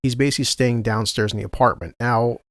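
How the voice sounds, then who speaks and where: A man's voice: mid-range voice, fairly even intonation, fast talker, dry recording, studio quality. A man, a podcast co-host telling a family story in casual, profane chat and laughing often.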